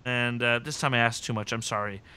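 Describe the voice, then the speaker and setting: Speaking briskly in a mid-range voice with a clean tone, this male podcast host runs casually through a TV episode. He gets animated and performs the characters' lines in put-on voices.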